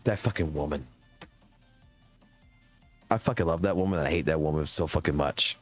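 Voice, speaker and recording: Speaking fast in an extremely low voice, a young adult male streamer tells a long, heated and meandering story, cursing constantly during casual chat. Faint music sits in the background.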